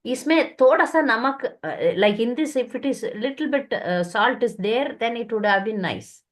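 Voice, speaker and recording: A woman's voice: fairly high pitch, fast. A woman, a spiritual teacher giving direct, scolding advice in a guidance session. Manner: direct, scolding, lively storytelling. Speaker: spiritual teacher answering questions.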